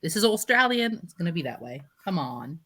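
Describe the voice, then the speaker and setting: A woman's voice: lowish voice, sing-song, fairly quick, a bit bright. A woman co-hosting a podcast, giving frank, opinionated takes on a reality show in casual chat. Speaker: podcast co-host.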